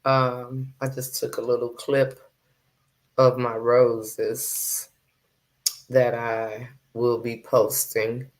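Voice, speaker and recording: A woman hosting her own live stream, talking casually and taking her time. Her words come slowly and loosely, with easy pauses as she greets the people watching. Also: extremely low pitch, level tone. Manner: unhurried, chatty, reads out viewer comments. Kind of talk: casual chat.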